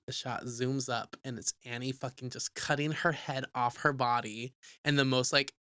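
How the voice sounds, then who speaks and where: A young adult podcast co-host recapping a horror movie in casual, profane, jokey talk, acting out the characters in quick asides. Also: mid-range voice, clear, resonant tone, no echo, clean studio sound. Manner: animated, profane, jokey storytelling.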